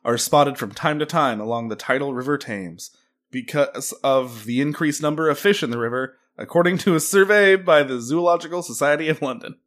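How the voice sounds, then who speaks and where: A man's voice: a little high, a little fast, a bit bright. Male co-host, casual chat, reads articles aloud with slips and giggles. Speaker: podcast co-host reading a news story.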